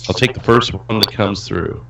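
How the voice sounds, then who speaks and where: A man's voice: fairly low pitch, steady tone, moderate pace, a bit bright, echoey room, distant mic, slight background noise, low-quality recording. A man co-hosting a casual online show, steering the talk with dry questions. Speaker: co-host. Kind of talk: casual chat.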